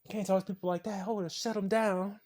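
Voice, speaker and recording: A spiritual video creator delivering an impassioned, profane rant to the camera. The delivery swings from low muttering to shouting. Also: level tone, quick pace.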